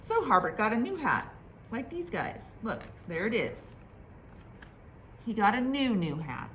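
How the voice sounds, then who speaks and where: Brief: a woman librarian at storytime, reading aloud slowly with a lively, sing-song voice. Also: a little high, a little hiss or hum. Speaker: children's librarian.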